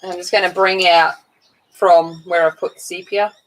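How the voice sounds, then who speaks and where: A woman's voice: on the low side, little pitch movement, moderate pace, low-quality recording. A woman with a broad Australian accent, chatting casually and rambling while she colours on a livestream. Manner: chatty, rambling, self-mocking.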